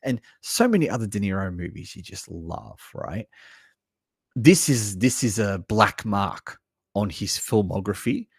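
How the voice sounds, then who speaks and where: Lively, sweary man reacting on a live stream. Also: lowish voice, unhurried, slightly rough, no room sound, studio quality. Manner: animated, blunt and sweary, reads chat comments aloud. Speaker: livestream host reviewing horror movies. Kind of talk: casual live reaction chat.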